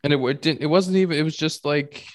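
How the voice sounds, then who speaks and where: A man co-hosting a podcast, chatting casually and telling animated stories, repeating words for emphasis. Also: on the high side, fast talker. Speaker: podcast co-host, pro baseball player. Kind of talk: casual chat.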